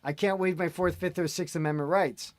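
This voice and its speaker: Ranting man with a higher voice. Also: a little fast, dry recording. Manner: animated, ranting storyteller. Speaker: host. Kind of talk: casual chat.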